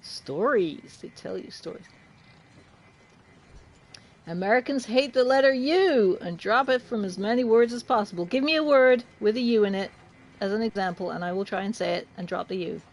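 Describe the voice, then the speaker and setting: A woman's voice: medium pitch, moderate pace. A woman from the UK chatting casually with her livestream chat while playing, laughing often. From United Kingdom. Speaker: game streamer.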